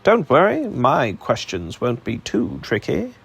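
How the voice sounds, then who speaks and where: A man's voice: mid-range voice, huge pitch swings, measured pace, gravelly, husky, full character voice. A man voicing an eager, talkative male newspaper reporter in an audiobook reading, his delivery brash and friendly, with questions that climb upward. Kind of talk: audiobook character voice.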